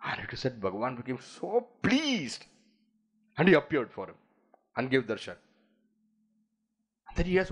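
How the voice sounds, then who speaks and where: A man's voice: mid-range voice, normal speed, pauses often, husky. A man with an Indian English accent giving a spiritual discourse on scripture, telling stories and acting out the people in them. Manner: animated storytelling, acts out quoted voices.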